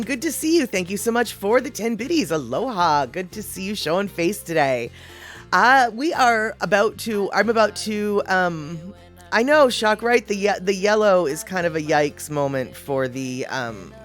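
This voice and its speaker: A woman livestreaming, rambling casually and greeting viewers in the chat. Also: low-pitched.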